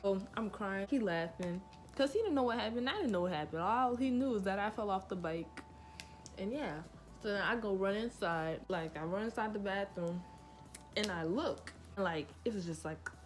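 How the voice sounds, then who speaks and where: A woman vlogger telling a casual storytime tale with a loose, profane manner and lots of fillers. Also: medium pitch.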